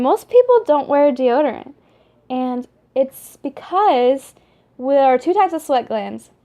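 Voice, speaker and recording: A young woman vlogs to her camera with animated energy, her voice sitting a little high. She's chatty and rambling in casual talk, full of fillers and restarts.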